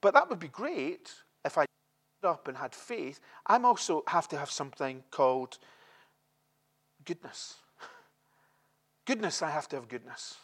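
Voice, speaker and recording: A man's voice: fairly high pitch, big pitch swings, measured pace, pauses often, fairly bright tone, distant mic. A man preaching a sermon as the pastor, conversational and repeating key phrases for emphasis.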